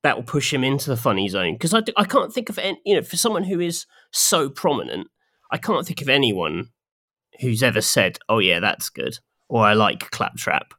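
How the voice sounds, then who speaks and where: A man in a casual chat about games, musing aloud in halting, self-correcting sentences. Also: medium pitch, sing-song, a bit bright. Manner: musing, halting, restarts a lot.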